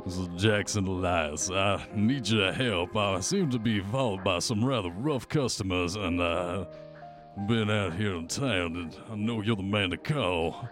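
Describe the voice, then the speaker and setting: A man's voice: sits low, measured pace, music in the background. A man voicing a paranoid, urgent man in hiding in a tabletop game. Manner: urgent, secretive.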